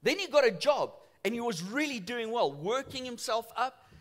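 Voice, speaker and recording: A man preaching a sermon as a church pastor, telling stories and swinging from loud to hushed. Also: very high voice, very animated, normal speed. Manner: storytelling, acts out voices in quotes, swings from loud to hushed.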